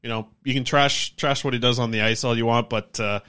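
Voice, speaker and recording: Fast-talking ranting podcast man. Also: medium pitch, smooth. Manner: rapid, animated, prone to rants. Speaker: podcast co-host. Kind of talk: casual sports podcast chat.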